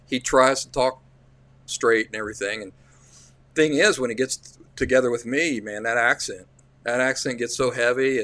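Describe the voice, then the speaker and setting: A man's voice: medium pitch, a bit bright, dry recording. A man with an Appalachian accent, hosting a livestream and telling rambling, folksy stories in a casual way. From central Appalachia. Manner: rambling, folksy, restarts often. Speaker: livestream host.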